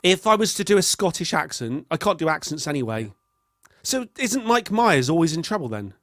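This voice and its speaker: A man's voice: a little high, sing-song, fairly quick, fairly bright tone, no echo, clean studio sound. A man co-hosting a podcast, chatty and rambling in casual chat. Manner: chatty, rambling, self-interrupting. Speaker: podcast co-host.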